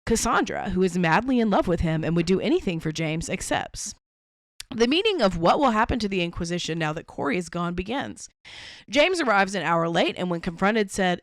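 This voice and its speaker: A woman's voice: on the low side, big pitch swings, a little fast, dry recording. A woman co-hosting a podcast, reading a fan story aloud and often breaking into laughter. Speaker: podcast co-host.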